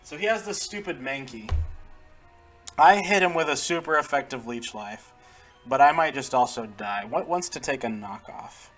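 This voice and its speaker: A man's voice: medium pitch, animated, normal speed, fairly bright tone, soft background music. A man casually commenting while he plays a video game, chatty, laughing often and talking to the characters on screen. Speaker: gaming channel host. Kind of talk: casual let's-play commentary.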